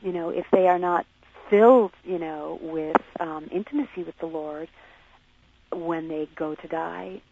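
Gravelly, husky woman reflecting haltingly. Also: lowish voice, fairly even intonation, darkish tone, lo-fi sound. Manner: halting, searching, self-questioning. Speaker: interview guest. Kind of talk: reflective radio interview.

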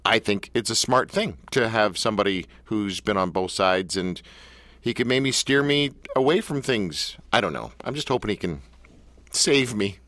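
A man's voice: fairly low pitch, pushed and bright, no room sound. A man hosting a live radio talk show, candid and self-mocking as he speaks into a studio mic. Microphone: studio microphone.

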